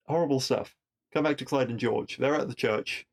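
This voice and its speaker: A man's voice: mid-range voice, brisk. Chatty man recapping a TV episode. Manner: chatty, digressive, with wry asides and rhetorical questions. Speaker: podcast host recapping an episode.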